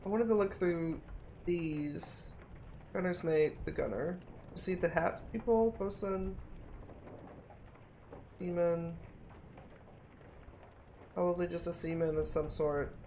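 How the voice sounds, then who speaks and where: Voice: medium pitch, slow pace, long pauses, mellow, a little hiss or hum. A streamer thinking aloud while playing a mystery game, musing and often repeating themselves while puzzling things out. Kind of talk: casual think-aloud gameplay commentary.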